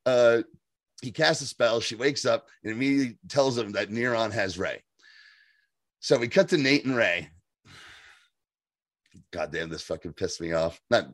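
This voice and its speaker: A man's voice: fairly low pitch, no room sound. Dry-sounding man recapping an episode animatedly. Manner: animated, profane, laughing, slips into quick voiced impressions. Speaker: podcast co-host. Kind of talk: casual episode recap chat.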